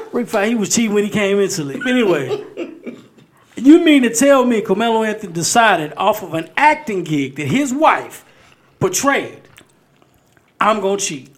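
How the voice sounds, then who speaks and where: Very high-voiced, teasing man. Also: sing-song, normal speed, pauses often. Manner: loud, teasing, laughs often. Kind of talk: casual chat.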